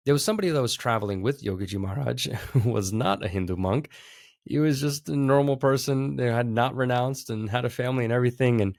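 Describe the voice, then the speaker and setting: A man's voice: medium pitch, fast talker, vocal fry, a little mellow, no room sound, studio quality. A man hosting a podcast who tells a spiritual story in an earnest, heartfelt way. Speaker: podcast host. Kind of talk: reflective storytelling talk.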